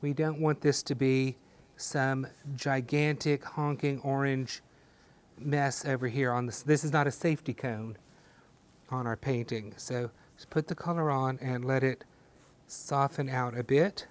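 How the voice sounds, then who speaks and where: A man guides viewers through a painting demonstration step by step. His delivery is gentle and encouraging, with a mid-range voice and homespun sayings sprinkled in. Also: mid-range voice, steady tone, a little slow, smooth. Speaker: painting instructor.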